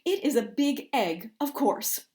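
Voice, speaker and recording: A proud, stubborn male goose in a picture book insists on his claim in a firm, matter-of-fact voice, as a woman reading aloud plays him. His tone is fairly high and plain-spoken. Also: very animated, unhurried, a little mellow.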